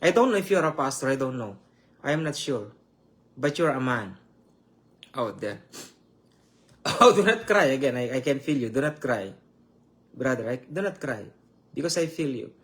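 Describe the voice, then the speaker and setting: A man preaching and praying online, emotional and repetitive, with halting restarts. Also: mid-range voice, animated, a bit bright. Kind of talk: online sermon with prayer.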